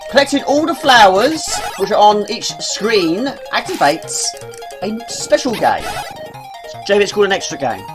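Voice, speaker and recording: Lively woman narrating gameplay. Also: mid-range voice, moderate pace, music in the background. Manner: chatty, self-mocking, talks to herself. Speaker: gaming video creator. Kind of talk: casual gameplay commentary.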